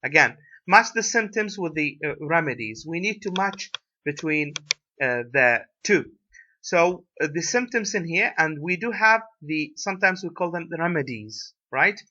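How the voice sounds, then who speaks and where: A male English lecturer with an Iraqi Arabic accent, explaining a lesson slowly and filling pauses with "uh" and "right?". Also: fairly high pitch, lively intonation, pushed and bright. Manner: hesitant, many fillers, tag questions like "right?". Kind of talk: recorded lecture. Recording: dull lo-fi lecture recording.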